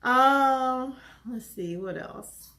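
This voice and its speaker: Woman vlogger, gravelly texture, lively exclamatory casual chat. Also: medium pitch, unhurried, a little hiss or hum. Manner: animated, chatty, exclamatory.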